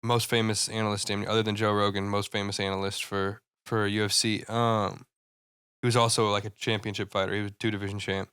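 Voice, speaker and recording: A young man co-hosting a podcast in casual chat, excitable, swearing often and laughing a lot. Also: on the low side, fairly quick, clean tone, dry recording, clean studio sound. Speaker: podcast co-host.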